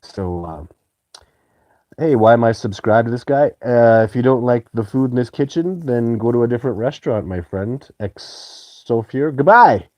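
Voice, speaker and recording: A man's voice: mid-range voice, animated, normal speed, darkish tone, dry recording, dull audio. A man hosting a live stream, chatting loosely and greeting viewers as he reads their comments. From Canada.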